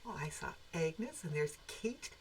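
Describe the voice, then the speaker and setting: Woman, lowish voice, chatty live-stream host, greets viewers, faint room hiss. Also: sing-song, a little slow, rough recording. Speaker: co-host of a quilt shop live show. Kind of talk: casual live-stream chat.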